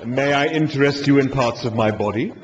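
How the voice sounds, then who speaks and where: A man's voice: brisk, background noise, close to an everyday voice. A man voicing a polite, contented male cow-like creature offering itself as dinner, in a dull lo-fi live recording. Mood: contented, courteous. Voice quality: low, contented, ingratiating.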